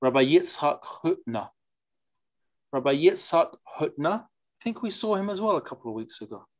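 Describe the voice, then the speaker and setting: A teacher leading a study class in an informal lecture. The teacher reads passages aloud, explains them with quick asides, drops in Yiddish and Hebrew terms, and keeps asking the class questions. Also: mid-range voice. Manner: lively and digressive, asks the class questions.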